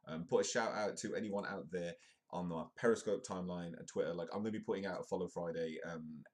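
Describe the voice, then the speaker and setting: A man's voice: low voice, fast talker, darkish tone. A young British man hosting a live-streamed comedy news show, chatty and self-mocking, waffling on between topics. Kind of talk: rambling casual live-stream chat.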